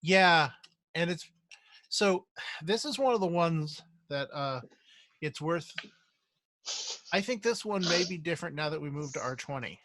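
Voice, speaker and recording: A man speaking in a casual work meeting over a video call. He thinks aloud, halting and restarting as he works through problems. The sound is dry and close, with no room around it. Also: on the high side, expressive, fairly bright tone, no echo. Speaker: software engineer in triage meeting.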